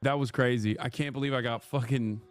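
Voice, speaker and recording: A man's voice: mid-range voice, fairly even intonation, fairly quick, clear, resonant tone, soft background music. Swearing, joking male streamer. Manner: profane, joking, slips into a mock "lad" voice. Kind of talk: casual live-stream chat while gaming.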